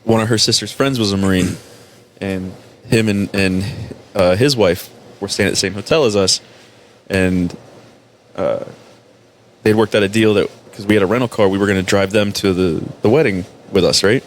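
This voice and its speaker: A man's voice: fairly low pitch, normal speed, a little hiss or hum. A man, a former Marine, telling a story in a casual chat, swearing freely and laughing often. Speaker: podcast host, former Marine.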